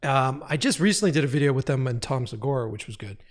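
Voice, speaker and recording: Here the same thirtysomething director on the podcast speaks at a medium pitch and a quick pace. He's profane and lively, laughing frequently while he spins his stories in a relaxed way.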